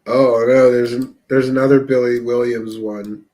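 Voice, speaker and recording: A man's voice: mid-range voice, little pitch movement, normal speed, warm tone. Tipsy guy rambling thru stories on a live stream, laughs a lot. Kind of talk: casual chat with viewers. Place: Seattle area.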